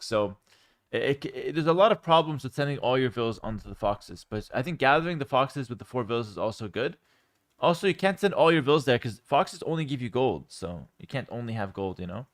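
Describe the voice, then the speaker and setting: A young man from Canada reading and answering chat questions on a casual livestream from home, relaxed and rambling, with lots of ums and repeated words. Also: mid-range voice, brisk.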